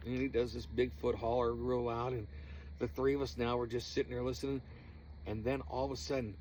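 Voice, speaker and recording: A man casually recounting night-time encounters from his paranormal group, animated and laughing, his voice jumping high when he retells someone shouting. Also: a little fast, a little hiss or hum. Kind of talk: casual storytelling.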